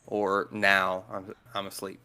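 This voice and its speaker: A man's voice: sits low, monotone, slow pace, sharp tone, clear, resonant tone. A man speaking as a guest in a casual chat, blunt, direct and dry in manner.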